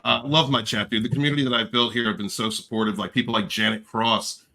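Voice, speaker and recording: A man hosting a casual livestream, warmly shouting out chat viewers by name and joking playfully with them. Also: medium pitch, steady tone, fast talker, gravelly. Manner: effusive, affectionate shout-outs to chat viewers. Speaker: livestream host.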